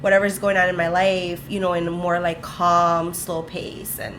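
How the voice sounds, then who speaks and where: A young adult woman co-hosting a podcast, chatting casually and telling animated stories about her friend. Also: fairly low pitch, normal speed, a little hiss or hum. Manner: animated storyteller who acts out quotes. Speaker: podcast co-host. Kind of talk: casual chat.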